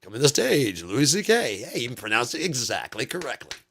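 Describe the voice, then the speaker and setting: A man doing an impression of an excitable male comedian, loud and emphatic in a stand-up delivery. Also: mid-range voice, brisk, breathy edge, pitched above the performer's own voice, full character voice. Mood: exasperated. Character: excitable male comedian, fussing over his name.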